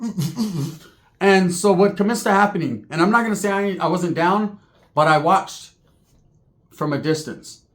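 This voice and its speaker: Cali guy rambling thru a story, cursing and joking, voice a bit high. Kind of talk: casual storytelling.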